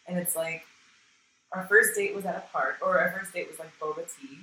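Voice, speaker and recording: A woman with a very bright, slightly low voice talks candidly in loose conversation, swearing freely. She sounds a little off-mic in a roomy space with a faint hiss behind her. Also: brisk. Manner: frank, animated, swears freely. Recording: roomy sound from some distance with faint noise.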